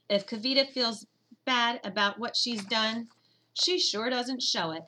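Bright-voiced woman narrating a storybook. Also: a little high, a little slow, slight background noise. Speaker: audiobook narrator. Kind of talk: first-person storybook narration.

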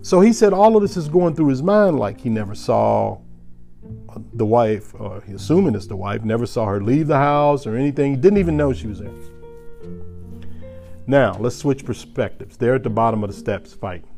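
Male storyteller, casual and lively, chuckles often, mid-pitch voice, faint music behind. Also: moderate pace, vocal fry. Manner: animated, chuckling, rising loud at tense moments.

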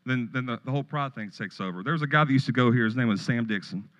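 A man's voice: mid-range voice, fast talker, fairly bright tone, rough recording. A middle-aged man pastor preaching a sermon, telling stories and joking with the congregation in a church. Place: church sanctuary.

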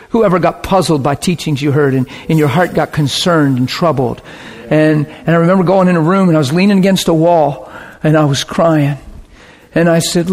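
High-voiced earnest male preacher. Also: moderate pace, big-room sound. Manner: earnest, builds to excited emphatic peaks. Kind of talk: sermon teaching.

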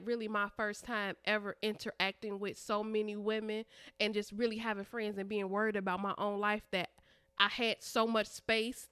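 A woman's voice: a little high, fairly bright tone, smooth, no echo, studio quality. A woman in her thirties co-hosting a podcast, thoughtfully recalling the past in casual chat. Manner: earnest, reflective storyteller. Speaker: podcast co-host.

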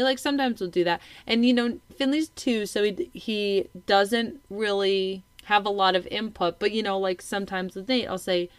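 A woman's voice: medium pitch, normal speed, clean tone, dry recording. A woman in her thirties, a mother co-hosting a casual chat, talking animatedly and acting out what kids and parents say. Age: 30s. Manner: animated, acts out kids' and parents' lines. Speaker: podcast co-host, mother.

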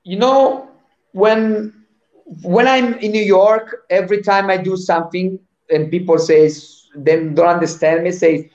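Italian man, non-native English, high-pitched, hesitant phrasing, muffled roomy call audio. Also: fairly even intonation, a little mellow. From Italy. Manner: halting English with frequent pauses and searching for words. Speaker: guest, sambo athlete. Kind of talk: casual interview chat.

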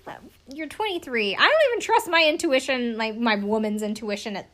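A woman's voice: a little high, lively intonation, brisk, fairly bright tone. A woman in her twenties recapping a reality show in casual chat, sarcastic and swearing now and then. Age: 20s.

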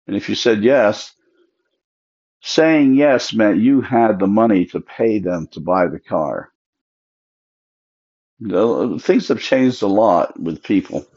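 Low-voiced man telling family stories. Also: a little mellow. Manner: acts out relatives' voices in quoted dialogue. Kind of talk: casual storytelling monologue. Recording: dull lo-fi recording.

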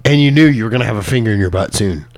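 A man's voice: fairly low pitch, animated, very fast. A man co-hosting a podcast, teasing his partner with prodding questions in crude banter. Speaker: podcast co-host.

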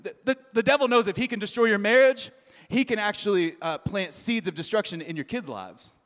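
A man's voice: high voice, a little fast, fairly bright tone, long reverb tail. A male pastor preaching a sermon in a casual, conversational way, telling self-deprecating stories full of fillers.

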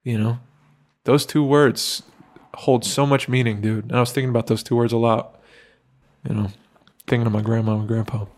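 Man, podcast co-host, earnest and supportive, casual swearing, middle pitch. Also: little pitch movement, moderate pace, a little mellow.

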